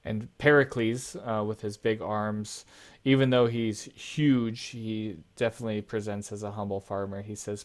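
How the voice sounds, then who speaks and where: A man's voice: on the low side, steady tone, normal speed. A man narrating a tabletop game as game master, casual with frequent fillers.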